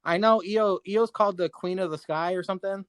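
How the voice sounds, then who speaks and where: A man co-hosting a podcast, reading his match notes with crude jokes in a deadpan way. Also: high-pitched, a little fast, slight background noise. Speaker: podcast co-host.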